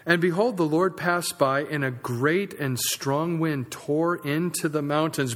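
A male pastor preaching a sermon, his pitch leaping between loud emphatic peaks and hushed, low asides. His voice sits a little high for a man. The long reverb of a large sanctuary hangs behind every phrase. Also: expressive, normal speed, few pauses. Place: church sanctuary.

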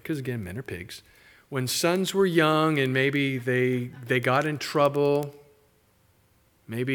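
Middle-aged male pastor, lively sermon delivery with mocking asides, mid-pitched voice. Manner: animated preaching, mimics characters in asides.

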